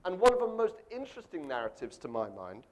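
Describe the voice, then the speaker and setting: A man's voice: fairly high pitch, huge pitch swings, quick pace, rough recording. A man from Europe giving a university lecture in a conversational way, with frequent restarts and asides. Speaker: guest lecturer.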